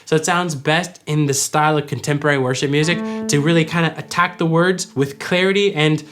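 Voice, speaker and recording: A man teaching worship vocals, explaining clearly and singing short examples. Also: on the high side, fairly even intonation, brisk, music in the background. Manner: clear, instructive, demonstrates by singing. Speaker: vocal coach. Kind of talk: vocal tutorial with sung examples.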